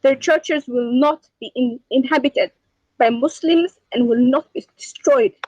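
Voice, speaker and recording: A woman's voice: high-pitched, unhurried, a little mellow. A woman calling into a debate, hesitant and defensive, heard over dull call audio. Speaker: caller.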